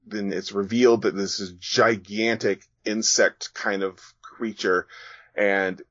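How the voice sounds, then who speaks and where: On a podcast, a man who writes graphic novels reads and describes his comic one page at a time in a casual, descriptive way, using fillers. He speaks slowly with fairly even intonation in a low-ish, fairly bright voice, and the recording is dull and dry with no room sound.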